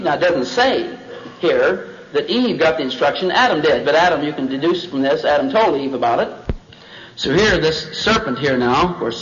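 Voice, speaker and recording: A man preaches in a folksy, animated way, chatting with his audience as he tells a story. His voice sits high for a man. The recording is dull and muffled, like a late-1970s tape. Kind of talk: sermon. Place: large meeting hall.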